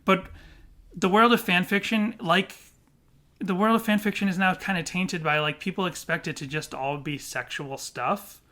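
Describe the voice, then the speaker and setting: A man's voice: high-pitched, fairly even intonation, moderate pace, sharp tone. A man in his forties co-hosting a podcast, chatting casually in a joking, teasing way. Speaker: podcast co-host. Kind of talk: casual chat.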